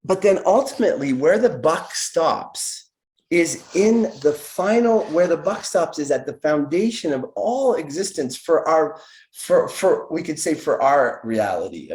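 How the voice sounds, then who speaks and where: A man's voice: mid-range voice, a little mellow. A man guest speaking as a naturopathic doctor, giving an earnest, searching spiritual explanation. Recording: echoey room.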